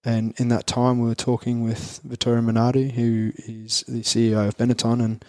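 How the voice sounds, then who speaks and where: A man's voice: medium pitch, monotone, fairly quick, darkish tone, dry recording, studio quality. A man in his twenties with an Australian accent, a guest in an interview, talking in a rambling casual way full of fillers and restarts.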